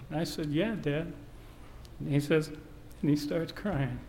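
A man's voice: mid-range voice, measured pace, darkish tone. A man preaching a sermon, telling a family story and quoting scripture in an earnest way. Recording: reverberant hall, faint background noise.

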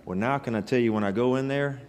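A man's voice: mid-range voice, fast talker, a little mellow. A man preaching a sermon, telling stories in a folksy, emphatic way with rising bursts. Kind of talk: sermon with storytelling.

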